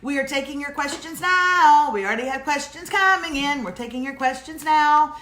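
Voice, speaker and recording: Co-hosting a laid-back morning livestream, a woman jokes around and tells stories with a teasing, chatty manner. Her voice sits high with a sharp tone and a moderate pace, captured in an echoey room with faint noise.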